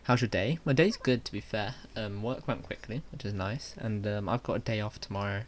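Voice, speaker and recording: A man's voice: fairly low pitch, a little fast, slight background noise. A young man chatting casually with viewers on a live game stream, friendly and talkative.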